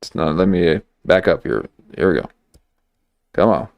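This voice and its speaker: A man's voice: low voice, expressive, normal speed, no echo, dull audio. A man hosting a livestream and commenting on clips, getting worked up and talking back at the screen.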